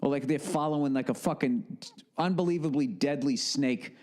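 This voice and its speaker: A middle-aged man, hosting a podcast in an animated, swearing comedic rant with acted-out asides. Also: medium pitch, moderate pace. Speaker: podcast host.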